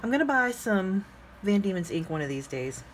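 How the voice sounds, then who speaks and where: A woman vlogging casually as she swatches inks, chatting and thinking out loud with frequent fillers as she works. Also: medium pitch, big pitch swings, moderate pace, a little hiss or hum. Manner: talks to herself while working with her hands. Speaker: fountain pen ink vlogger.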